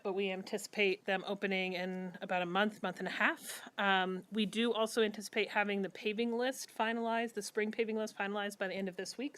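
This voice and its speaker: A woman giving the city manager's report at a council meeting, steady and businesslike with frequent pauses. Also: mid-range voice. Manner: steady briefing with frequent ums.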